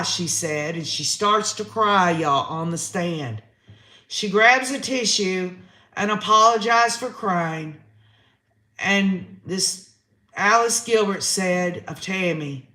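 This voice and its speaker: A man's voice: high voice, slow, bright, forceful tone, echoey room. A man hosting a live-stream trial recap, reading chat comments aloud and reacting with emotion. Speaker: host.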